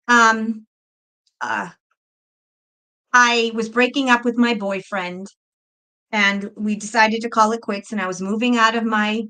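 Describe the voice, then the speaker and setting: A woman's voice: on the high side, pushed and bright, poor audio. A middle-aged woman tells a personal story in a casual, blunt monologue, swearing often and restarting her sentences. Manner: blunt, profane, repeats and restarts. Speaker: spiritual video host.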